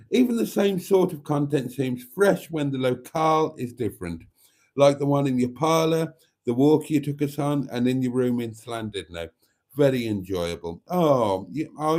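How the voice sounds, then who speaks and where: A man's voice: on the high side, warm tone. Chatty man reading out live comments. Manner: chatty and camp, reads viewer comments aloud. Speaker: live stream host. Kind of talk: late-night live stream chat reading comments.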